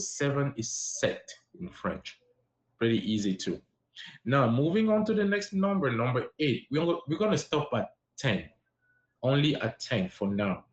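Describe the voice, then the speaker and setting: Man, French teacher, slow and patient, encouraging, echoey room. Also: mid-range voice. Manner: patient, encouraging, repeats words slowly. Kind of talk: live-streamed language lesson. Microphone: live-stream app.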